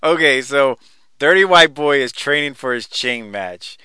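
A man hosting a casual podcast, talking in an animated, profane way while presenting a clip. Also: medium pitch, a little slow, smooth, dry recording. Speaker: podcast host. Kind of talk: casual chat.

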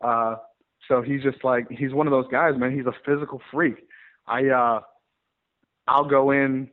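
A man who wrestles, telling stories in a rambling, animated way in a casual interview. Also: mid-range voice. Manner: rambling, animated storyteller with many restarts. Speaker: pro wrestler guest. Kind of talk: casual interview over the phone. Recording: tinny phone line.

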